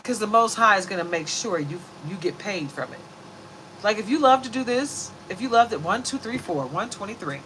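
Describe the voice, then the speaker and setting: A woman's voice: mid-range voice, expressive, fairly quick, fairly bright tone, a little hiss or hum, poor audio. A woman giving a casual, rambling zodiac reading who laughs easily. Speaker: tarot reader.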